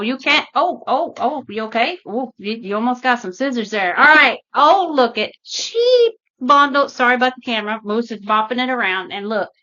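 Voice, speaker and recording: Bubbly high-voiced woman unboxing crafts. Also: highs cut off. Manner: gushing, excitable, chatty. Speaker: craft channel host. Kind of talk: casual unboxing vlog.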